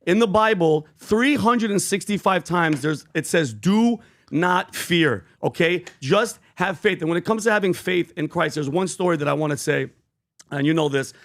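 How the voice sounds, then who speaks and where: A fervent man with a high voice, co-hosting a podcast. He preaches in loose casual talk, full of fillers and restarts. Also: moderate pace, a bit bright. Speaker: podcast co-host. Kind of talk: animated casual podcast talk, retelling scripture.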